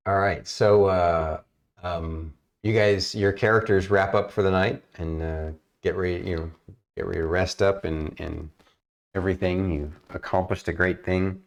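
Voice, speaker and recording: A man's voice: low voice, steady tone, normal speed. A man narrating as game master on a tabletop game stream, rambling with many fillers and restarts.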